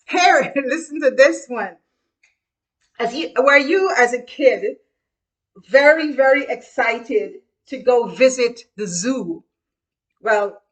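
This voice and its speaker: Woman, fairly high voice, reflective storytelling, sitting back from the mic. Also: fairly bright tone, recorded from a distance. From Guyana. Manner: slow, earnest, addresses listeners directly. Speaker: speaker sharing childhood stories.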